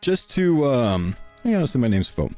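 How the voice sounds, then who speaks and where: A man's voice: mid-range voice, very animated, unhurried, mellow, faint music behind. A young man live-streaming a sponsor read, out of breath and chatting casually to his viewers. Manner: casual, chatty, talks to chat.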